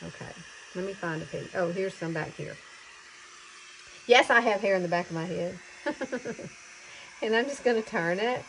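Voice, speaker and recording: A woman over fifty talks through her hair routine in a casual home tutorial. She is chatty and excitable and calls her viewers girl. Her voice sits mid-pitch over a faint background hiss. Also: normal speed, long pauses, rough recording. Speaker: beauty vlogger.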